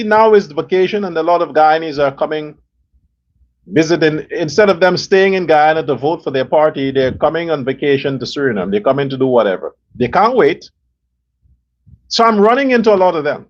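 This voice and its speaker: A male show host giving a blunt, profane commentary monologue, telling stories in a rough, outspoken way. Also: fairly high pitch, muffled recording.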